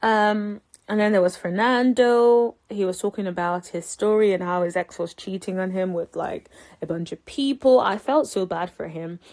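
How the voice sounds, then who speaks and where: A young woman casually recapping a dating show, chatty and animated, with her voice leaping up for her reactions. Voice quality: animated, jumps high in pitch for reactions. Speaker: reality show recap commentator. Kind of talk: casual chat.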